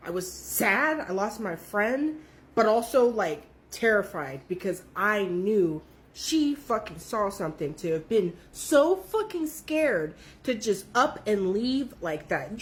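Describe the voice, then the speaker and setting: A woman telling a story in a casual, profane, animated way, with her voice jumping up when she quotes people. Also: slow pace. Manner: animated, profane, jumps high when quoting others.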